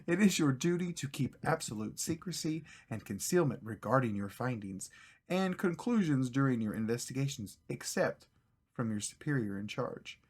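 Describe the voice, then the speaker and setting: A stern Soviet security official recites his orders in a thick mock Russian accent, as a man puts him on. The voice sits higher and louder than a normal speaking voice, and it stumbles and cracks with laughter as it goes. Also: lively intonation, slightly rough. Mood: commanding. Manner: halting, breaks off laughing.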